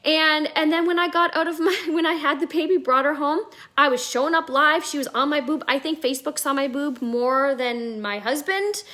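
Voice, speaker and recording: A woman telling her own story at home on a live video, chatty and animated, with a lot of "like". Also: high voice, moderate pace, few pauses. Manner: chatty, animated, many fillers like "like". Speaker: network marketing vlogger. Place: at home indoors, near a staircase. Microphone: live video call.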